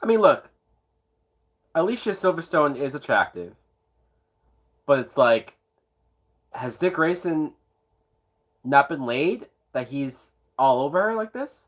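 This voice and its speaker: This movie reviewer, a little high-voiced and sing-song, talks slowly with long pauses. He's tipsy, offering sarcastic, foul-mouthed running commentary on a film and breaking out in whoops of laughter.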